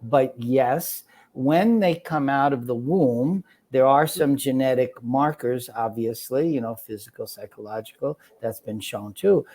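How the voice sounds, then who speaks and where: Man, interview guest, reflective, explanatory, warm mellow tone. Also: mid-range voice, unhurried, few pauses. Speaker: guest, children's book author. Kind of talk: conversational interview.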